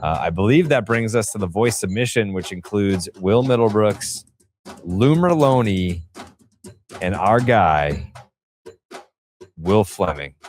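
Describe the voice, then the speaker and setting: Slow, low-voiced man hosting a podcast. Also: animated, slight background noise. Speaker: podcast co-host. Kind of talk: reading listener poll results.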